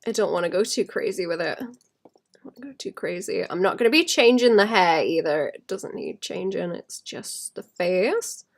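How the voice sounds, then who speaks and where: A woman who illustrates, chatting casually and thinking aloud while she draws, rambling and laughing softly. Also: fairly low pitch, animated, normal speed. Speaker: illustrator streaming while drawing. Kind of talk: casual chat while drawing.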